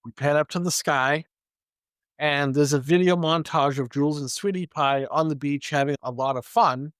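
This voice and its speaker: Man, podcast co-host, casual plot recap, quotes characters, slightly high voice, dry close sound. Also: normal speed, fairly bright tone, smooth, no echo. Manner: retells scenes step by step, quoting characters.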